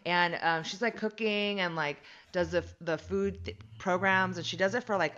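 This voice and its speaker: A woman tells a story in a loose, chatty way, filling her lines with "like" and little acted-out quotes. Her voice is bright and edged, pitched slightly low, and the recording sounds muffled and lo-fi. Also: fairly even intonation, normal speed. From United States. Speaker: podcast guest, comedian. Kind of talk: casual storytelling chat.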